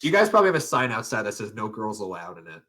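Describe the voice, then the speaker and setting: A man's voice: lowish voice, big pitch swings, very fast, crowd noise. A young man co-hosting a casual podcast, rambling and restarting, often laughing as he talks. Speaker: podcast co-host. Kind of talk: casual chat.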